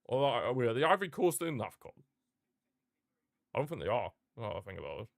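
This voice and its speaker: A man's voice: medium pitch, sing-song, quick pace, vocal fry, no echo, clean studio sound. A young man, chatting casually and reacting aloud while he watches a football match live.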